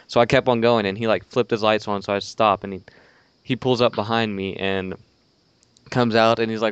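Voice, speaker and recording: A man's voice: lowish voice, fairly even intonation, a little fast, clean tone, dry recording, lo-fi sound. A young man on a podcast, telling a rambling story in casual chat, swearing and acting out the quotes. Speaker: podcast co-host.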